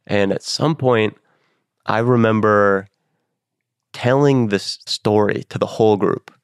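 A young man in his twenties, a comedian appearing as a guest, talks casually in an interview in a slow, smooth voice on the low side. He rambles self-deprecatingly with many fillers, and the recording is dry and studio quality.

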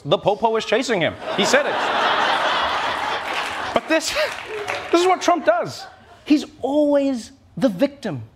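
A man hosting a late-night comedy show, delivering a sarcastic monologue with punchy jokes. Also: noisy background. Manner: sarcastic, punchy jokes with big pitch swings.

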